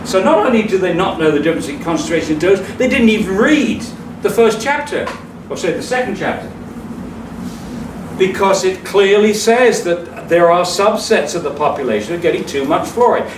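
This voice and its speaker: A man's voice: high-pitched, expressive, moderate pace. A man giving a public lecture in a hall, emphatic and scornful, laughing at his own jokes. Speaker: speaker. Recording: echoey hall from far off, noisy.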